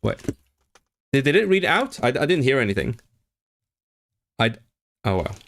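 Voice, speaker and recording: A man's voice: medium pitch, very animated, measured pace, gravelly, a bit bright. A man in his thirties from Hong Kong, chatting casually on a livestream, reading viewers' messages aloud and rambling with many restarts. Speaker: livestream host.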